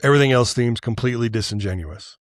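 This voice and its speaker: A man hosts his political podcast alone and talks in an angry, profane way. He trips over his own words and restarts often. His voice sits at an ordinary pitch and sounds dry and close. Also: quick pace, no room sound. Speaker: podcast host. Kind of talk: solo political rant.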